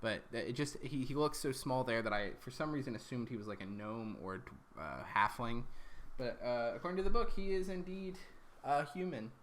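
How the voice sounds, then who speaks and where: A man's voice: medium pitch, fairly quick, fairly bright tone, slight background noise. A man recapping his tabletop campaign as dungeon master, rambling along with lots of ums and corrections.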